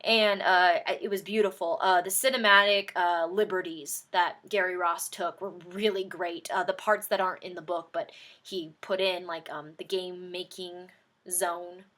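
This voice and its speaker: A young woman vlogging an excited movie reaction, gushing and animated, with sudden high outbursts. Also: moderate pace.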